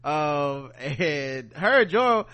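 A man casually recapping a TV episode, animated and profane, acting out the scenes as he goes. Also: on the high side, extremely slow. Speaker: podcast host.

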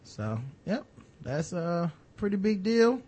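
A man in his thirties co-hosting a casual chat show, animated and slangy, acting out what people would say. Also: high-pitched, takes it slowly, breathy edge. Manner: animated, slangy, acts out quotes. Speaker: podcast co-host.

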